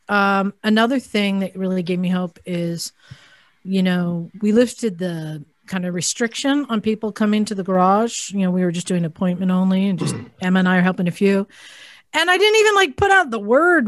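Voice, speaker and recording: A woman co-hosts a podcast in casual chat, earnest and rambling, with plenty of ums and restarts. Her pitch sits in the middle for a woman. The sound is close and dry, with no room echo. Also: normal speed. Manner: earnest, rambling, many fillers. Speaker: podcast co-host. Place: garage studio.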